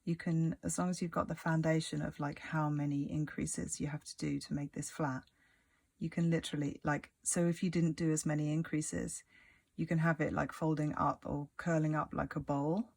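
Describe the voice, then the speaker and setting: A crochet tutor talks through a stitch in a loose, rambling way and keeps muttering little asides under the breath. The voice has a gravelly, fry-edged texture. It is recorded close and dry, with no room sound. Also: medium pitch, little pitch movement, normal speed, dry recording. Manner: rambling, chatty, many "like" fillers.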